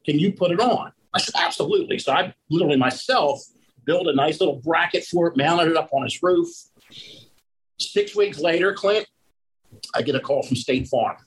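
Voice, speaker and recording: A man, a roofing contractor, telling lively stories in a casual conversation and acting out the people in them. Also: fairly high pitch, normal speed, breathy edge, poor audio. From Pennsylvania. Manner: animated storyteller who acts out the people in his story.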